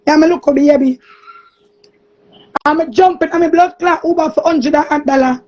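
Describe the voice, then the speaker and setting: A woman with a Jamaican accent in an angry, cursing monologue, often shouting. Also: sits high, normal speed. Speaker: streamer. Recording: muffled lo-fi recording.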